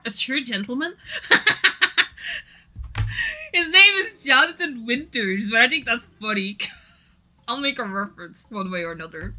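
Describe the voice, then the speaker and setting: A woman's voice: medium pitch, sharp tone. A Norwegian-speaking woman streaming casually, rambling and giggling often while chatting to viewers. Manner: giggly, rambling, self-deprecating.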